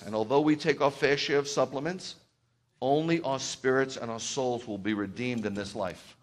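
This middle-aged rabbi speaks in a mid-range voice while preaching conversationally, alternating between hushed asides and loud, excited outbursts.

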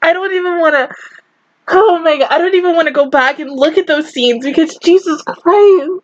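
A high-pitched young woman gushing through an emotional reaction, her voice teary and strained from crying as she laughs and exclaims. The sound is dull and lo-fi, like a simple home setup. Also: moderate pace. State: teary, sore throat from crying. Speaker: anime reaction vlogger.

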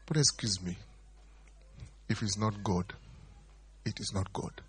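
Animated preaching pastor, husky voice. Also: male voice, unhurried, pauses often. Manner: dramatic, acts out quoted pleas with big pitch jumps. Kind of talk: sermon.

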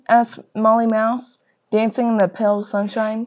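A young woman reading a children's picture book aloud, in a lively storybook manner with gentle voices for the characters. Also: on the high side, measured pace. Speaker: reader. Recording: dull lo-fi recording.

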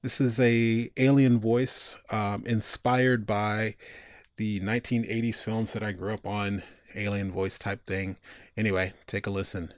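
Casual man explaining software steps. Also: on the low side, a little slow, no room sound, clean studio sound. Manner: relaxed, chatty, with frequent fillers. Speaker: tutorial host. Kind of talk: casual screen-recorded software tutorial.

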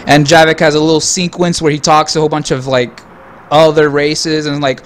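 A man's voice: on the high side, flat delivery, brisk. Crude, mocking young gamer man. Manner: crude, mocking asides to the game. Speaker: gameplay commentator. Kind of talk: profane let's-play commentary.

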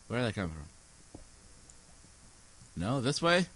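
A man's voice: medium pitch, very animated, normal speed, pauses often, pushed and bright, breathy edge. A sleepy young man rambling through let's play commentary, goofy and scattered, with silly asides. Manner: goofy, rambling, sings snippets and silly voices. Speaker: gaming YouTuber.

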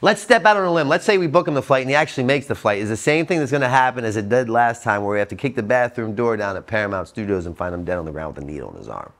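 A man in his forties speaking to an audience at a treatment center, blunt and profane, swinging between loud emphatic bursts and low quiet asides. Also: expressive, very fast, few pauses. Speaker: motivational speaker. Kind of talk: recovery talk to an audience.

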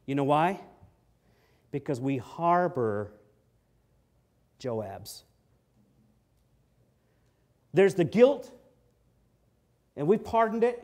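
Man preaching an emphatic sermon. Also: sits high. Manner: emphatic preaching that swings between soft and loud; acts out quotes from the story. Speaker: pastor.

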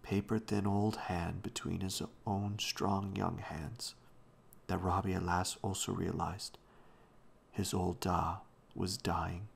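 A man slowly reading a children's novel aloud as a bedtime story at home, often hushed. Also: sits low, level tone, vocal fry, slightly rough. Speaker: reader.

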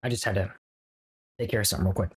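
A man's voice: fairly low pitch, racing, slightly rough, rough recording. Chatty man rambling over gameplay. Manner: rambling and jokey, talking to viewers. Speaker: Let's Play host. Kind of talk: casual gameplay commentary.

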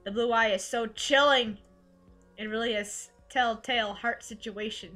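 A woman narrates a visual novel in a lively, joking way, with a high voice. Her tone is bright and clear, and faint game music plays behind her. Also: measured pace. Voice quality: animated, joking. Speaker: let's play host. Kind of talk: casual chat while narrating a game.

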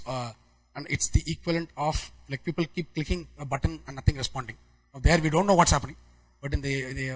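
A man giving a technical conference talk, talking quickly with frequent restarts and fillers. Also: on the high side, a bit bright, slightly rough, low-quality recording. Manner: rapid, many restarts and fillers. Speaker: conference speaker.

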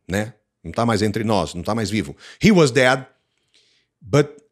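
A man with a Brazilian Portuguese accent teaching English, repeating phrases and asking and answering his own questions, mixing in Portuguese explanations. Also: mid-range voice. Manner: switches between English and Portuguese. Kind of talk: language lesson reading and explaining a story.

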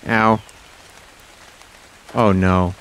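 A man casually commenting on his own video game play, excitable and self-mocking, yelping when surprised. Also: on the low side, extremely slow, slight background noise. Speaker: gaming YouTuber.

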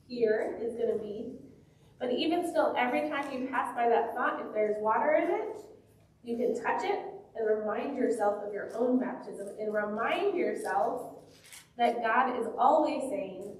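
A woman pastor leading a children's sermon in a church, gently asking the children questions. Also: on the high side, lively intonation, moderate pace. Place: church sanctuary. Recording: very echoey church, mic far off.

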